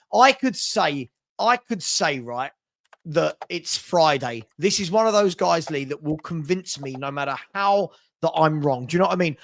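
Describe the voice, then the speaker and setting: Man, from England, high voice, conversational, football chat host. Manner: conversational, argues with viewers' comments. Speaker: host, Spurs fan.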